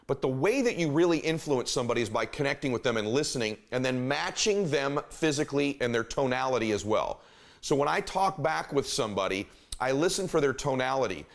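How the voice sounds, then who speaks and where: A man giving a motivational talk, speaking emphatically, repeating his key phrases and shifting his pace and volume to make a point. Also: mid-range voice.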